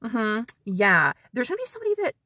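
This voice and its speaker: A woman tarot reader giving a casual spiritual reading, chatty and animated, swearing freely as she talks to her viewers. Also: fairly high pitch, fast, no echo.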